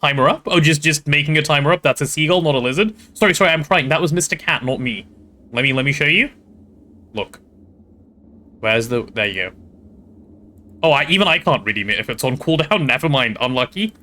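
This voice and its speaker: A man chatting casually while playing on a game stream, talking to his chat and thinking out loud. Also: fairly high pitch, expressive, fairly quick, pauses often.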